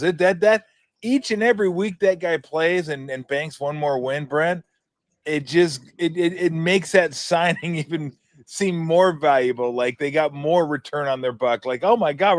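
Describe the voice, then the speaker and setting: A man hosting a sports radio show in a casual, animated style, his voice sitting fairly high for a man. He tells stories with quick asides and laughs along the way. The sound is close and dry, with no room around it. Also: dry recording.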